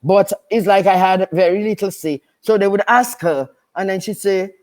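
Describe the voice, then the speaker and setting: An older woman from Dominica talks as a nurse and midwife guest on a radio show. She is emphatic and firm, and she often repeats her points. Her pitch sits in the middle for a woman. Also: moderate pace, few pauses, a little mellow. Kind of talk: casual radio chat.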